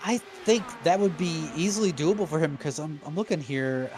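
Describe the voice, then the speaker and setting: A man's voice: a little high, expressive, moderate pace, noisy background. A man giving color commentary on a live race broadcast, working through pit strategy in an analytical way and leaning on the word "effectively".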